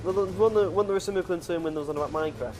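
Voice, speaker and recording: A man's voice: high-pitched, racing, over music. A young man co-hosting a casual gaming chat, rambling through stories with lots of restarts and "like". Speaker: co-host.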